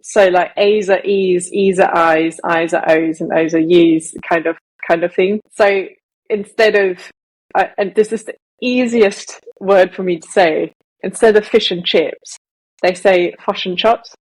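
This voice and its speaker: Woman podcast co-host, somewhat low voice, rambling casual chat. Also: fairly even intonation, measured pace, darkish tone, rough recording. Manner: rambling, self-correcting, laughs at own examples.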